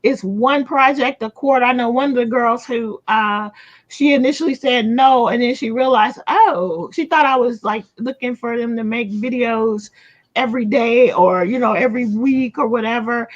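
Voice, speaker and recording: Casual livestream co-host, woman, higher voice, slightly muffled audio, rambling delivery. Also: normal speed. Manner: rambling with many fillers. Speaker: co-host of a crochet and craft livestream. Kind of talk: casual chat.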